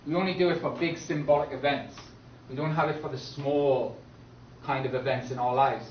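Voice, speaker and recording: A male teacher lecturing a class in a slow, emphatic way, often checking in with "okay?". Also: mid-range voice, steady tone, a little hiss or hum. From Britain. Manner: repeats "okay?" to check understanding, slow emphatic key words. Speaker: English teacher. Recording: echoey classroom from far off, dull and lo-fi.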